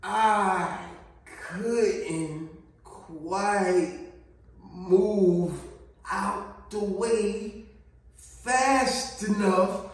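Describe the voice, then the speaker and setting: A man telling a childhood story in an animated, slangy way, laughing often, recorded in a very echoey room away from the mic. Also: sits high, recorded from a distance. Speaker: vlogger.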